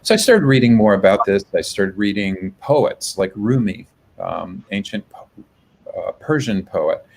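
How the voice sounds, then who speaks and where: A man being interviewed over a video call, telling a personal story in a reflective, halting way. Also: on the low side, big pitch swings, creaky, rough recording. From United States. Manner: reflective, halting, with soft restarts. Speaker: guest, public health professor.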